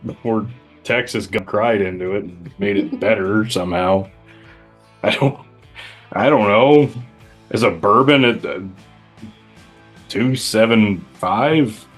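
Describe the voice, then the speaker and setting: A man's voice: fairly low pitch, unhurried, long pauses, faint music behind. A man co-hosting a whiskey tasting, joking sardonically and swearing freely. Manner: sardonic, profane, jokey. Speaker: co-host of a whiskey review show. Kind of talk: casual tasting chat.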